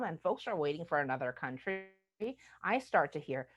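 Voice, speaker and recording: Low, conversational woman speaker, muffled audio. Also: expressive, fairly quick. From United States. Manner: conversational, frequent "like" and "right?". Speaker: diversity speaker. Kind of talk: recorded webinar talk.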